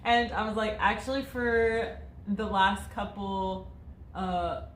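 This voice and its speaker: A woman's voice: mid-range voice, fairly even intonation, takes it slowly, fairly bright tone, reverberant, slight background noise. A woman in her twenties, co-hosting a casual chat, rambling and laughing often as she reads out viewer questions. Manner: chatty and rambling, laughs often, many fillers. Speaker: co-host reading viewer questions.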